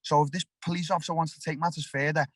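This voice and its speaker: A man's voice: fairly high pitch, steady tone, racing, fairly bright tone, no echo. A young man with a Liverpool accent, a fighter talking bluntly and animatedly in an interview, often restarting his sentences. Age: young adult. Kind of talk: casual interview talk.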